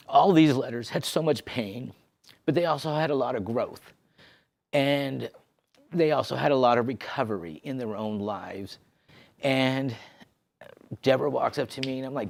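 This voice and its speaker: A man sharing an emotional personal testimony, halting and restarting as he talks. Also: mid-range voice, gravelly. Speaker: podcast host sharing his story. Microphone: on camera.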